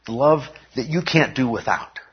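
Husky preacher man teaching a sermon. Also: medium pitch, moderate pace. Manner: teaching, often checking in with "okay?". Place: church service. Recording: dull lo-fi recording.

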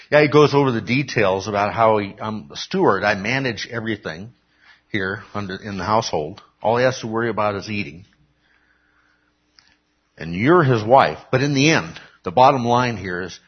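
A man's voice: on the low side, slightly rough. A man preaching a conversational sermon, often checking in with "okay?" and acting out quoted lines. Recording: dull lo-fi recording.

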